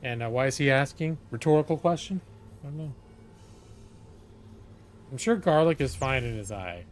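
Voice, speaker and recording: A man's voice: medium pitch, lively intonation, moderate pace, long pauses, a little hiss or hum. Chatty man rambling on a live stream. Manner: chatty, digressive storyteller with many fillers.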